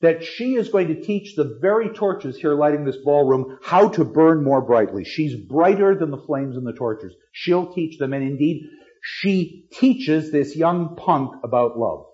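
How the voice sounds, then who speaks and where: A middle-aged man teaching literature, lecturing with lively, dramatic delivery and acting out lines of verse. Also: on the high side, unhurried, highs cut off. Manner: animated, acts out lines dramatically.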